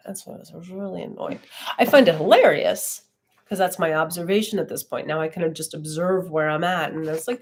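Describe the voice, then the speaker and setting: A woman's voice: fairly low pitch, fairly quick. A woman leading an online class, talking in a reflective, conversational way with frequent fillers. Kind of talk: casual live-stream teaching.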